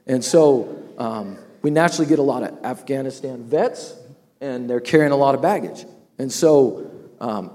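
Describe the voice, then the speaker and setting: A man's voice: medium pitch, dark tone, big-room sound. A man telling an emotional personal testimony about his workplace, laughing often and tearing up at moments. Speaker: business owner sharing a testimony.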